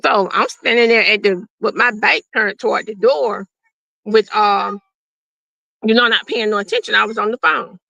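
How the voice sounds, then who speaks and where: Middle-aged woman, gravelly and bright, guest storyteller who acts out dialogue, dry sound. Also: mid-range voice, moderate pace, dry recording, muffled recording. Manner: plain-spoken, acts out quoted dialogue. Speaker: guest telling her survival story. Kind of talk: unscripted personal storytelling.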